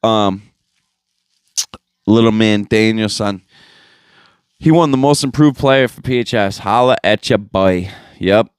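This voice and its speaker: Man, podcast host, casual slangy cursing chat, smooth voice, dry close mic. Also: fairly low pitch, a little slow, long pauses, no echo. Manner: laid-back and profane, full of slang and fillers.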